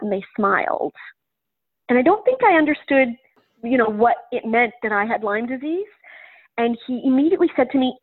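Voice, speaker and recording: A woman's voice: a little high, fast, no echo. A woman guest in an interview, recounting a personal story in a chatty way with frequent "um" fillers. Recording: tinny phone-line sound, dry.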